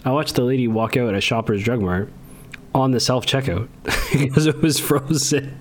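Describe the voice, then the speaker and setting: A man's voice: mid-range voice, normal speed. Laid-back man chatting. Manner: laid-back, laughs while talking, restarts words. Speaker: podcast co-host. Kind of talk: casual chat.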